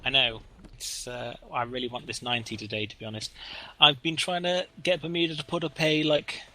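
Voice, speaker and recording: A man co-hosting a gaming stream in casual chat. He talks in halting, rambling runs, full of fillers and restarts. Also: medium pitch, level tone, bright, forceful tone, low-quality recording. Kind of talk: casual chat while playing a game.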